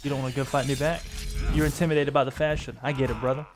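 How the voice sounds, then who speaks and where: A man's voice: mid-range voice, flat delivery, very fast, music in the background. A man giving casual gameplay commentary as a streamer, joking and teasing his opponents. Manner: playful, teasing trash talk.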